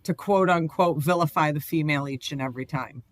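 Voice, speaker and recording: A man with a fairly high voice speaks in a measured, thoughtful way in casual chat. The sound is close and dry. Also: no echo.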